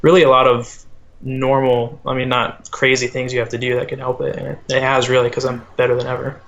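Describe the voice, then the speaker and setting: A teenage boy as a guest in a casual interview, talking haltingly with many fillers. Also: medium pitch, monotone, a bit bright, highs cut off. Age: teens. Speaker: guest, small business owner.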